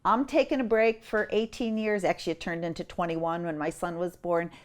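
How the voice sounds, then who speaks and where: A middle-aged woman telling a personal story as an interview guest, animated and acting out what others said. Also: a little fast. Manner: animated, acts out quotes with big pitch jumps.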